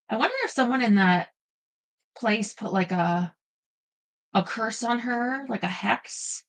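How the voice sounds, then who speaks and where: A woman's voice: fairly high pitch, measured pace, long pauses, rough recording. A woman reading a first-person paranormal romance aloud with playful expression, stopping now and then for chatty asides. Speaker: audiobook narrator.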